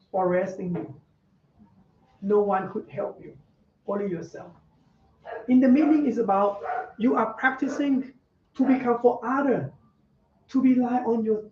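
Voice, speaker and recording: A man who is a Buddhist monk giving a meditation talk to students, in halting non-native English, repeating key words. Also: extremely high pitch, a little hiss or hum. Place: meditation center. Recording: echoey, dull, from far off.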